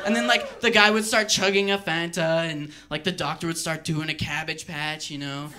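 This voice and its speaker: A man doing a stand-up routine on a club stage, wry and deadpan with rambling asides. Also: fairly high pitch, fairly quick, hardly any pauses. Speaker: stand-up comedian.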